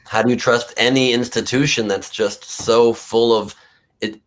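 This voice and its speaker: A man's voice: medium pitch, steady tone, a little slow, a bit bright. A man hosting a podcast, asking thoughtful, probing questions in casual interview chat. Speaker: podcast host.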